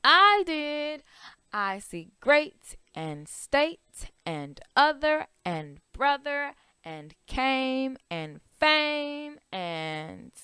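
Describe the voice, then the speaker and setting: A woman's voice: sits high, big pitch swings, very slow, a bit bright, smooth, dry recording, clean studio sound. A woman teaching a children's phonics lesson, stretching out vowel sounds and asking the class questions.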